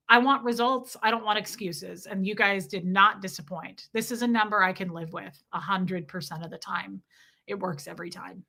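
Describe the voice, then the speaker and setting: Woman, livestream host, bright voice, casual chat, brash and crude humor. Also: mid-range voice. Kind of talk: casual livestream chat reading viewer comments.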